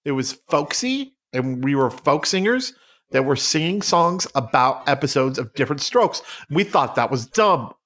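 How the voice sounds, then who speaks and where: A man's voice: fairly high pitch, big pitch swings, moderate pace, fairly bright tone. A man co-hosting a comedy podcast, with playful, mock-serious announcer-style bits. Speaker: podcast co-host.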